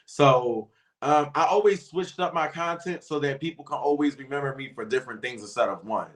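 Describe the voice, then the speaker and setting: A man's voice: medium pitch, fairly quick. A man guesting on a livestream talk show, telling stories in a casual, rambling way with lots of fillers and restarts. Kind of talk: casual chat.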